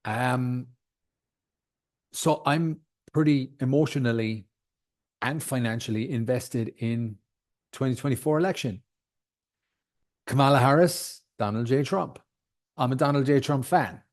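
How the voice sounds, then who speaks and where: A man's voice: medium pitch, measured pace, pauses often. A man in his thirties, not from the United States, hosting a solo podcast in a heated, emphatic rant full of swearing. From outside the United States. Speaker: podcast host.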